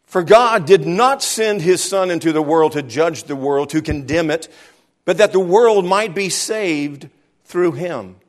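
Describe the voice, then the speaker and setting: Emphatic higher-voiced male pastor preaching. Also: a little slow. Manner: earnest, emphatic preaching with repeated phrases. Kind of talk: sermon. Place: church.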